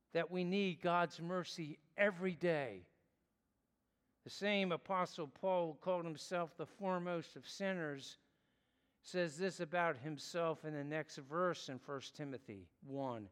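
A man preaching in an unhurried, earnest way, dwelling on the words he wants to stress. His voice sits a little high for a man. Long reverb trails behind him, as in a large hall. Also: fairly bright tone, clean tone. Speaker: pastor. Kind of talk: sermon.

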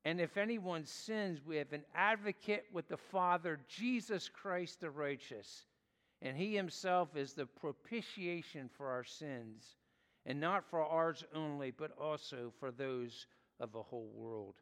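A man preaching in an unhurried, earnest way, dwelling on the words he wants to stress. His voice sits a little high for a man. Long reverb trails behind him, as in a large hall. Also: a bit bright. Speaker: pastor. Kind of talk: sermon.

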